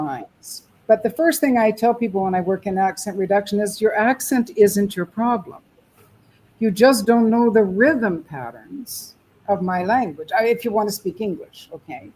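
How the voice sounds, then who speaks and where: A woman's voice: mid-range voice, mellow, a little hiss or hum, low-quality recording. Emphatic Canadian woman coaching. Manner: emphatic, coaching, rhythmic pauses. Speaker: accent reduction coach. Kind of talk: webinar panel answer.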